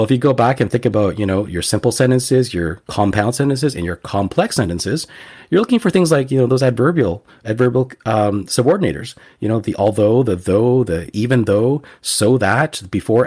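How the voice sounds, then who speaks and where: A man's voice: medium pitch, darkish tone, slightly rough. A man, a guest teacher on a podcast interview, earnestly giving advice and often repeating words as he restarts.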